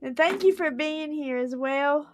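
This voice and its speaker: A woman's voice: high-pitched, measured pace, a little hiss or hum. A woman, hosting a casual livestream and chatting effusively with frequent giggles. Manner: effusive and giggly, laughs often. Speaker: livestream host.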